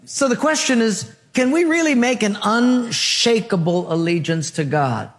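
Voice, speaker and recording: A man's voice: very high voice, expressive, measured pace, long reverb tail. A male pastor preaching a sermon in a rhythmic, rhetorical style, mixing in humorous stories.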